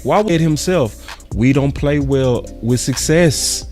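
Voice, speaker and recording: Over soft background music, a man of medium pitch speaks slowly in a slightly mellow voice. On his own sports channel, he delivers an emphatic fan commentary monologue, slangy and preachy, repeating points for weight.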